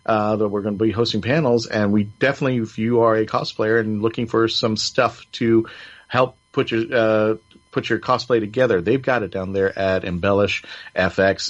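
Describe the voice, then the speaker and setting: A man's voice: lowish voice, steady tone, moderate pace. A man hosting a casual review show, rambling with many restarts and fillers. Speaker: podcast host. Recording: slightly dull lo-fi audio.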